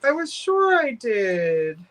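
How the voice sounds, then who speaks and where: A woman's voice: a little high, big pitch swings, takes it slowly, fairly bright tone, poor audio. A woman hosting a live vintage sale, chatting and joking often. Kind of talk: casual sales chat.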